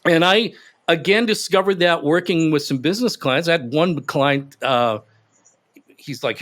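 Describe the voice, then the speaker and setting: A man in an interview, telling stories in an animated, emphatic way. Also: a little high, moderate pace. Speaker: guest expert. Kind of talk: interview conversation.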